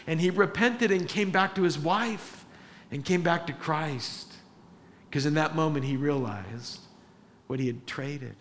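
A man's voice: on the high side, a little slow, a bit bright. A man preaching a sermon as pastor, earnest and rising into emphatic exhortation.

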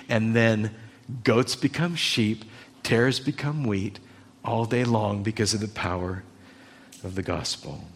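Male preacher, sermon delivery, unhurried and emphatic, leans on rhetorical questions. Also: fairly low pitch.

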